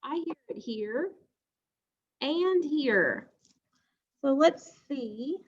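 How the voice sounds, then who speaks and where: A woman's voice: high voice, animated, extremely slow, lo-fi sound. A woman teacher giving a phonics lesson to a class, speaking patiently and asking her students questions.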